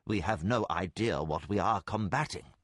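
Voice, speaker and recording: A man's voice: deep voice, normal speed, dry recording, studio quality, pitched below the performer's own voice. A man voicing a formal old priest speaking in grave, solemn sentences.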